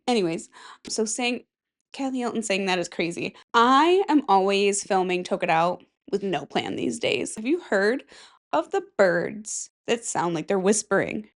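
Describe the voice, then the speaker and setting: A woman's voice: medium pitch, animated, normal speed. A woman in her thirties hosting a casual solo podcast, rambling and chatty and swearing freely. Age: 30s. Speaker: podcast host.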